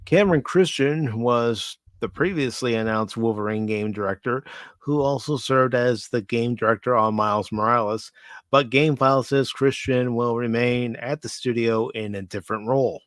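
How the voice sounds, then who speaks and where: A man's voice: medium pitch, normal speed, no room sound. A man hosting a pop culture talk show, reading news items aloud and adding wry asides. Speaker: host.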